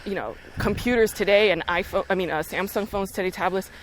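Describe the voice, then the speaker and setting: A woman in her thirties, a podcast guest, talking in blunt, profane, animated casual chat. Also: medium pitch, a little fast, a little hiss or hum, poor audio.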